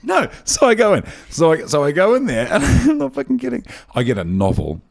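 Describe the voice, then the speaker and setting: A man, a podcast host and voice actor, telling rambling, excitable stories in casual chat. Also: a little high, a little fast, vocal fry.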